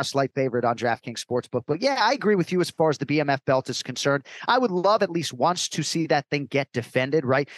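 A man's voice: mid-range voice, dry recording. A man from Massachusetts, a sports play-by-play commentator, speaking as a guest in a casual interview in a fluent, emphatic way.

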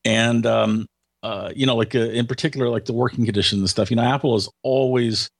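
Gravelly, husky man, halting speech. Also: mid-range voice, fairly even intonation. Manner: hesitant, many restarts, then emphatic. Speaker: tech commentator. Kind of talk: casual conversation.

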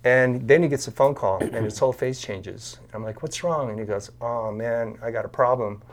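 In a mid-range voice at a moderate pace, a man guesting on a podcast shares a story through a video call. His telling is animated, with him performing the voices of everyone he quotes.

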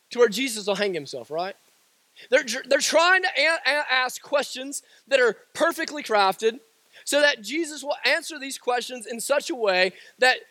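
High-voiced emphatic preacher man. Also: pushed and bright, no echo. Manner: passionate, emphatic repetition, colloquial asides. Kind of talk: sermon.

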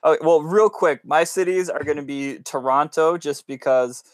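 A man co-hosting a casual sports podcast, giving quick, offhand opinions. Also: on the high side, no echo. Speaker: podcast co-host.

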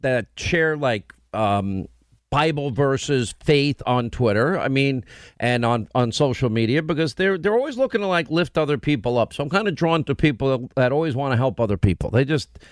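A man hosting a radio and TV show, talking in casual on-air banter and telling blunt, animated stories with quoted asides. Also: mid-range voice, normal speed, dry recording, studio quality. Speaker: radio and TV host.

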